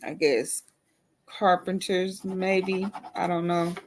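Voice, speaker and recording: A woman's voice: lowish voice, fairly even intonation, slow, slight background noise. A woman urban farmer ranting in a casual vlog, emphatic and repetitive, cussing freely.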